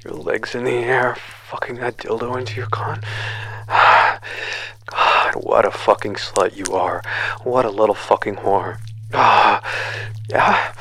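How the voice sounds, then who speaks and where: A man's voice: mid-range voice, steady tone, slow pace, pushed and bright, breathy edge. A man in a whispered role-play, talking in a domineering, taunting way, with frequent heavy sighs close to the microphone. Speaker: audio role-play performer.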